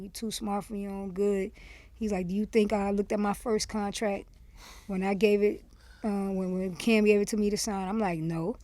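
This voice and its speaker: A woman from Miami tells a story in a loose, candid way as an interview guest. Her voice is warm and relaxed, and the room is dry and close. She slips into quoted back-and-forth as she talks. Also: medium pitch, no echo. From Miami, USA. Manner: candid and animated, acts out quoted dialogue, lots of "you see what I'm saying". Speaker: podcast guest, former rapper.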